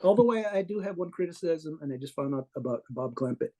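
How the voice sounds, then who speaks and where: A man with a soft, mellow, slightly hoarse voice sits in as a guest on a casual interview. He tells long anecdotes in a loose, meandering way, breaking off and restarting his sentences and chuckling as he goes. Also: fairly high pitch, lively intonation, quick pace. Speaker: guest comic artist.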